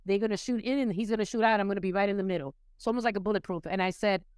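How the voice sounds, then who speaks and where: A woman's voice: medium pitch, steady tone, rapid-fire, darkish tone, clean tone, no room sound. A woman from New York City, a podcast guest, candidly telling a personal recovery story with many restarts and repeated words. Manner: candid, emotional storytelling with frequent restarts and repetitions.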